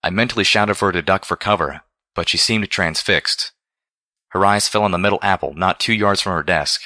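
A man reading a first-person story aloud in a measured, deliberate way. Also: low voice, sharp tone, no room sound, studio quality. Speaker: audiobook reader.

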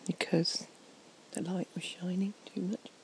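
A woman, slightly tipsy, giving a soft, rambling, whispered night-time ASMR chat outdoors near trees and a fountain on a portable recorder. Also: on the low side, level tone, unhurried, slight background noise, low-quality recording.

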